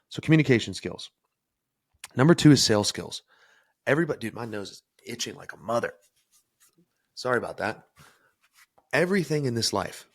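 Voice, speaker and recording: A man's voice: fairly low pitch, no room sound, studio quality. A young man hosting a solo podcast, talking energetically and emphatically about self-improvement. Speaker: podcast host.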